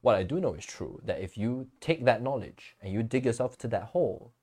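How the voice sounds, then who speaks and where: A man with a medium-pitched, brisk voice co-hosts a podcast, chatting casually. He tells stories in a relaxed way, laughs easily, and acts out quotes.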